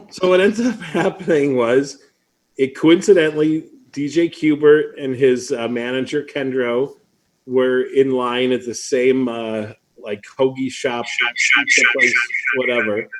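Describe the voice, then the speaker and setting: A man hosting a live online event, chatting casually and telling a story with lively asides. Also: medium pitch, measured pace. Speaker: host. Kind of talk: casual live-stream chat.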